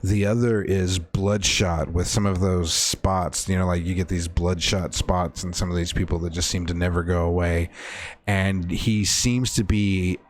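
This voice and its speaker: A man acting as game master, slowly describing a horror scene in a tabletop game with frequent fillers. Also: sits low, steady tone.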